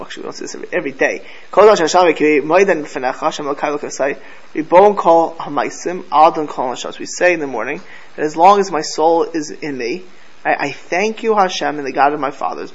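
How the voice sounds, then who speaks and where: A man's voice: fairly high pitch, fast talker, husky, dull audio. A man teaching a Torah class to a live group, telling stories animatedly and mixing Hebrew and Yiddish terms into his English.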